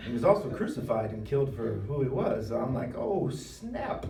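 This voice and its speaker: A former pastor giving a conversational, emphatic talk at a live event, acting out voices with humor. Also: male voice, medium pitch, lively intonation, fast, crowd noise. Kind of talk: preaching talk. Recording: roomy hall sound, mic at a distance.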